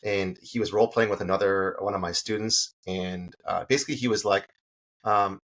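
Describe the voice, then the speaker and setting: A man's voice: low voice, fairly quick. A middle-aged man, a sales coach guest on an interview show, telling stories animatedly and acting out the dialogue. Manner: animated storytelling, acts out quoted dialogue. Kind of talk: casual interview talk.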